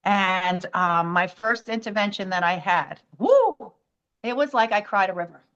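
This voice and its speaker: A woman's voice: medium pitch, moderate pace, clear, resonant tone, muffled recording. A woman from the United States, a podcast guest telling a personal story and acting out the voices of other people. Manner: animated storytelling, acts out quoted voices.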